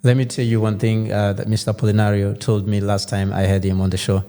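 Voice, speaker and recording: A man's voice: on the low side, level tone, brisk, warm tone. A man hosting an interview show, asking questions in a casual way and often repeating his words. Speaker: show host. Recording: long room reverb, faint hum.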